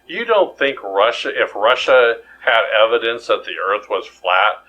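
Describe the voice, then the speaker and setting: A man's voice: mid-range voice, big pitch swings, unhurried, bright, forceful tone, lo-fi sound, a little hiss or hum. A man co-hosting a podcast in casual chat, rambling and jokey with many restarts. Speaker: podcast co-host.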